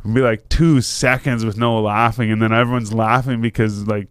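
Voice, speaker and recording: A man's voice: on the low side, fairly even intonation, moderate pace, clean tone, dry recording. A man telling a story in casual chat, laughing often and swearing freely.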